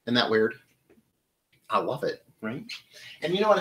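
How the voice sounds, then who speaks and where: A man's voice: medium pitch, very animated, normal speed, pauses often, a bit bright, poor audio. A middle-aged man from Michigan hosting a live flower-arranging show, chatting to viewers as he works. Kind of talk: casual live demonstration.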